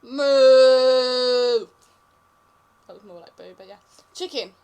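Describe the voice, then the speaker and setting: A woman's voice: medium pitch, expressive, fast talker, creaky, husky. A young woman in casual chat, playfully calling out animal names and giggling between them. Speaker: vlogger.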